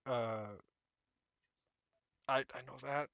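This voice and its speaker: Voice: mid-range voice, big pitch swings, measured pace, fairly bright tone. A game master chatting casually at a tabletop game, stammering, self-deprecating and swearing freely.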